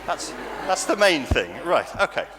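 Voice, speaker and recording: Animated English man leading church talk. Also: on the high side, normal speed. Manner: animated and playful, laughing often. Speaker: church leader. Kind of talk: all-age church talk to children. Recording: church reverb with faint noise.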